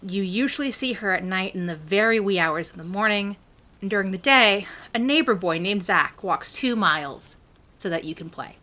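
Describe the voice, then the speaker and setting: A woman dungeon master hosts a tabletop game with a playful, quick delivery. Her voice is bright and sparkling, and her pitch swings widely as she sets scenes. She sounds relaxed and teasing with her player.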